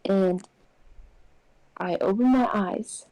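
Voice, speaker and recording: A young woman casually telling a personal ghost story on a podcast, getting animated when she acts out what people said. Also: medium pitch, takes it slowly, no room sound, low-quality recording. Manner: animated, acts out quotes in raised voice. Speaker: podcast co-host.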